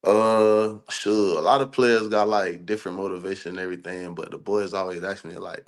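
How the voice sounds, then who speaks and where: A young man speaks with a very low voice in a loose, easygoing manner. He rambles a bit and fills his sentences with casual slang. He is a college football player chatting as a guest. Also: a little fast, few pauses. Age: young adult. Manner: relaxed, slangy, rambling with many fillers. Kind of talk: casual interview chat.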